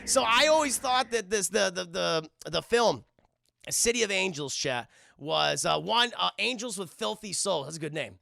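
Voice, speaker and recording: A man streaming a profane, animated film recap to his live chat, acting out scenes and swearing often. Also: sits high, normal speed, vocal fry, dry recording, clean studio sound. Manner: animated, acts out scenes in shouted voices, swears a lot.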